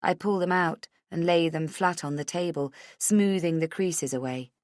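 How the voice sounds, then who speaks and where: A woman reading a first-person thriller audiobook in a measured, tense way, close to the mic. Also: on the low side, darkish tone, no echo. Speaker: audiobook narrator.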